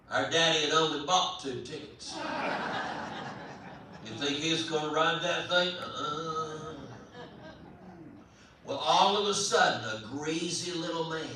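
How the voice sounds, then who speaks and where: A man telling a comic story aloud at a live event, in an animated, folksy way, heard from far off in a large hall. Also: a little high. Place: large hall at a residential campus. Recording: echoey hall, voice from far off, faint hum.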